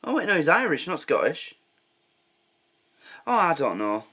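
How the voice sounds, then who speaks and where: An English man thinking out loud as he reacts, excitable and quick to laugh. His bright voice rises and falls a great deal as he talks. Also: a little high, husky. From England. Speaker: reaction video host. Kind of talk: casual reaction commentary.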